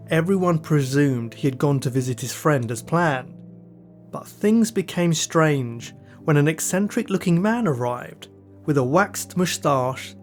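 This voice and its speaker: Man, true crime podcast host, measured dry storytelling, slightly raised pitch, faint music beneath. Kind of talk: scripted true crime narration.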